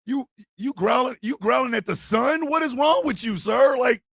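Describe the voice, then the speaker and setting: Gravelly, husky man ranting for laughs. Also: extremely high pitch, moderate pace, dry recording, studio quality, soft background music. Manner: animated, joking, profane storytelling. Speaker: host. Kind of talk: comedic live stream rant.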